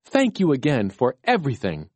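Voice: medium pitch, huge pitch swings, normal speed, breathy edge, no echo. A reader voicing a queasy male fox with hiccups in a children's storybook.

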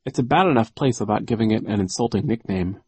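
A man voicing a polite, measured bookish boy in a storybook reading. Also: lowish voice, a little mellow, breathy edge, dry recording.

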